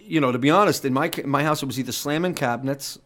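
A middle-aged man tells stories as a guest on an interview. He talks in a rambling, animated way, swearing freely and restarting his sentences. His voice sits at an ordinary pitch for a man. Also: rapid-fire. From New York. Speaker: guest musician. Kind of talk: casual interview storytelling.

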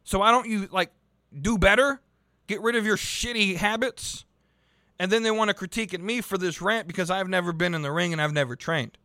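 A man's voice: high-pitched, brisk, pushed and bright, dry recording. A young man hosting a podcast, ranting heatedly with lots of swearing and stumbling restarts. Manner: profane, heated, rambling with restarts. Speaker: podcast host reviewing wrestling. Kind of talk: casual ranting commentary.

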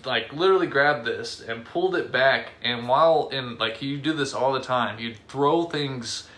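Young guy podcasting after a few beers, bright edgy voice, lots of uh and like. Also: mid-range voice. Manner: rambling, halting storytelling with many fillers. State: tipsy from beer. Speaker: podcast co-host. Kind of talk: casual chat.

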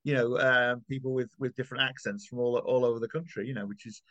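A man who talks quickly and eagerly. He rambles and restarts as he interviews his guest, clearly enthusiastic about the subject. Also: mid-range voice, steady tone, fairly bright tone, highs cut off. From Yorkshire, England. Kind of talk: conversational interview.

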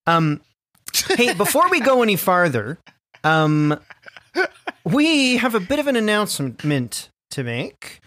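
A man's voice: sits high, takes it slowly, long pauses, no echo, studio quality. A man hosting a comedy podcast, chatting casually and joking with his co-host and guest, swearing freely. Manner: jokey, animated, swears freely.

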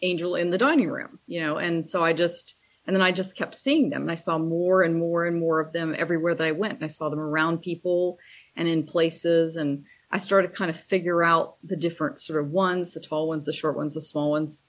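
A woman's voice: sits low, steady tone, fairly quick. Chatty woman telling a wry story. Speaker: Reiki teacher. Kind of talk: casual storytelling interview.

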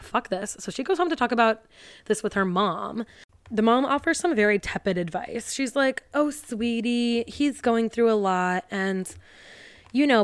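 A woman's voice: mid-range voice, dry recording. A young woman hosting a podcast, recapping a TV movie in a casual, sarcastic way and acting out the characters' lines.

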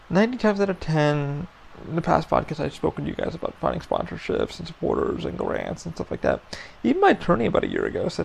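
A man hosting a solo podcast, venting his frustration in a gravelly voice full of fry and heavy swearing. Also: on the high side, huge pitch swings, brisk, slight background noise. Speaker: podcast host.

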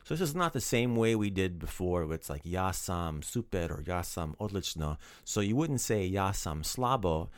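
Man, language teacher, deep voice, playful, upbeat, dry close sound. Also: expressive, normal speed, few pauses, no echo. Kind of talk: casual podcast language lesson.

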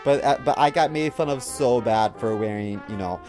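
A man's voice: mid-range voice, normal speed, music in the background. A young man telling a long college party story in casual chat, full of fillers and quoted dialogue.

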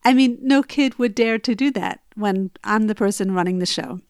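A woman's voice: mid-range voice, moderate pace, smooth, no echo. Woman telling a personal story, dry close mic. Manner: conversational, emphatic when reliving arguments.

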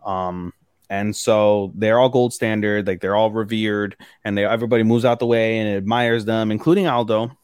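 A man's voice: fairly low pitch, fairly even intonation, normal speed, a little mellow, smooth, no echo, clean studio sound. A man co-hosting an anime podcast, recapping episodes in casual, rambling, profane chat. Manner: rambling, profane, acts out characters' lines mid-recap. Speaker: podcast co-host.

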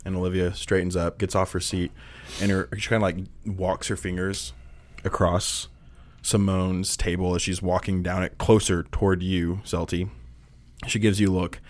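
A man narrating as game master of a tabletop role-playing game in a relaxed storytelling manner. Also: low-pitched. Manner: relaxed storytelling, voices NPCs in quick bursts.

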